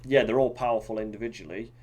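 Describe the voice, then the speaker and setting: A man co-hosting a podcast chats casually and rambles, full of fillers and restarts. His voice is fairly low and darkish, with a steady tone and a fast pace.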